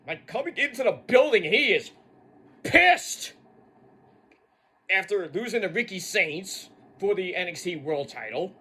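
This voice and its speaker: A man rants through a wrestling show review in a bright, high, lively voice. He swears freely and mocks the people he talks about, and his pitch leaps from low grumbles to high yells. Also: normal speed, few pauses, husky. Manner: animated, swearing, mocking. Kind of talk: casual profane rant.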